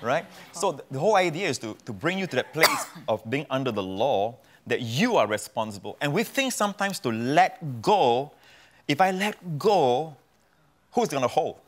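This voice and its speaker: Male pastor, mid-pitched, emphatic, preaching as a guest in a TV studio interview. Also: sing-song, normal speed, a bit bright, a little hiss or hum. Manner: emphatic, repeats phrases for effect. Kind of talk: preaching in a talk show interview.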